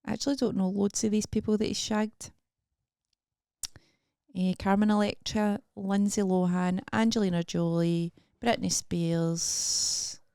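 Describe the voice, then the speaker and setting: A Scottish woman co-hosts a comedy podcast, blunt and teasing, with quick questions and plenty of swearing. Her voice has a middle pitch for a woman and a dry, close sound. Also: steady tone, dark tone, clear, resonant tone, no room sound. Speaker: podcast co-host. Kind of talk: casual comedy chat. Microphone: podcast microphone.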